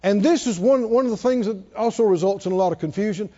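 A man's voice: sits high, fast talker, dark tone. A man preaching a sermon emphatically, repeating and stressing words, his voice rising and dropping sharply. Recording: dull lo-fi recording in a reverberant hall.

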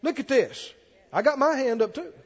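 A man's voice: very high-pitched, expressive, normal speed, breathy edge, big-room sound, muffled recording. A man preaching a sermon to a church congregation. He reads scripture aloud with swelling emphasis and keeps asking the congregation questions.

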